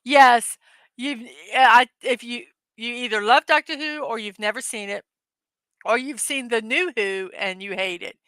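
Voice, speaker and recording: Bright-voiced chatty woman hosting a livestream. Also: on the high side, unhurried, dry recording. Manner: chatty, giggly, reads viewer comments aloud. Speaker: livestream host. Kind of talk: casual live-stream chat.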